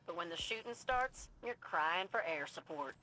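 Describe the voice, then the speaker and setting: A woman's voice: on the low side, lively intonation, normal speed, bright, forceful tone. An actress playing a cocky female pilot who teases soldiers, in video game dialogue. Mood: teasing. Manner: teasing, swaggering.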